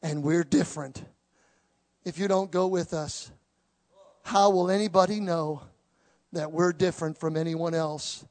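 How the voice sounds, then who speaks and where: A pastor preaching a sermon to a congregation at a church service, impassioned, swinging between loud declarations and hushed tones. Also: male voice, on the high side, fairly even intonation, a little slow, pauses often.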